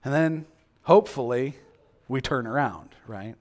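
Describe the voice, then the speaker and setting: A man's voice: medium pitch, lively intonation, a little slow, darkish tone. A male preacher giving a sermon, acting out quoted reactions and asking the listeners many questions.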